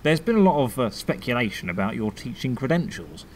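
A man's voice: mid-range voice, big pitch swings, fairly quick, a little hiss or hum, lightly acted. A man playing a prim documentary interviewer. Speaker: interviewer and narrator. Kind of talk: mockumentary comedy.

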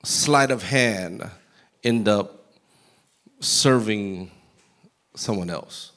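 A man preaching a sermon as pastor in a church, animated and acting out scripture in voices. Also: lowish voice, drawn-out words. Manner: animated, acts out Bible quotes in character voices. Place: church sanctuary.

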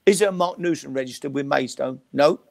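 Over a video call with a dry sound, an older former football manager appears as a guest on a call-in interview and tells football anecdotes. He's a lively storyteller who imitates other people's voices and chuckles, speaking briskly in a slightly high, creaky voice.

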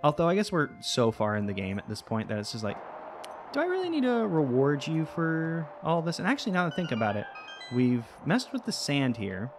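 A man's voice: on the high side, sing-song, brisk, over music. A man casually commenting on his video game, rambling, joking at his own expense and talking to the creatures on screen, his voice a little worn. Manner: rambling, self-mocking, talks to game creatures. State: voice getting worn. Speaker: let's play host.

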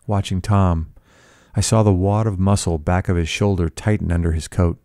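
Male narrator, measured classic-lit reading, deep smooth voice, dry close sound. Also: fairly even intonation, mellow, dry recording. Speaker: audiobook reader. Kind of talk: scripted novel narration.

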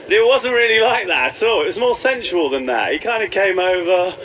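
High-voiced comedian doing rambling crowd work. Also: male voice, very animated, a little fast, hardly any pauses. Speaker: stand-up comedian. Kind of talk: stand-up comedy set. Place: comedy club stage before a live audience. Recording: live club with audience noise.

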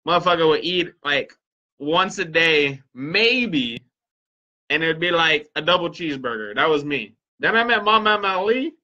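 A man's voice: on the high side, expressive, moderate pace, sharp tone, muffled recording. A man hosting a casual livestream, joking with viewers and swearing freely. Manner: joking, profane, talks straight to viewers. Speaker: livestream host and parent.

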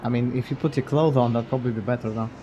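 A man's voice: mid-range voice, steady tone, racing, highs cut off, noisy background. Wry, blunt male game streamer. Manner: wry, blunt, swears casually, chuckles at the game. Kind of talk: casual let's-play commentary.

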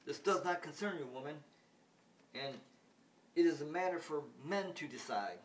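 A man voicing an arrogant alien boy ruler, reading his lines louder and higher than his own voice. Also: lively intonation, normal speed, recorded from a distance, lightly acted. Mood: scornful.

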